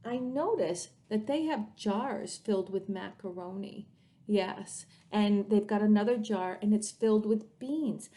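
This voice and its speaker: Slow, sing-song woman teacher. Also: medium pitch, mellow. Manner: sing-song, playful with sound words. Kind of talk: reading aloud and teaching young children.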